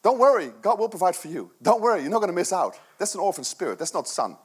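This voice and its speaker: A man's voice: high-pitched, sing-song, fast talker, slightly rough. A middle-aged man preaching a sermon to his church, earnest and conversational, with many rhetorical questions. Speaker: pastor.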